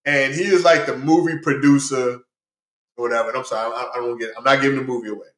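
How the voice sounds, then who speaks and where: A man giving a casual, rambling movie review, excitable and full of fillers and restarts. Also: medium pitch, fast talker, reverberant.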